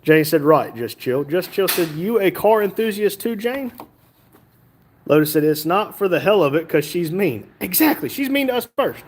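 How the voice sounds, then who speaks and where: A man's voice: high voice, big pitch swings, normal speed, slight background noise. A man hosting a casual livestream, reading viewer comments aloud and joking along. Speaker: livestream host reading chat.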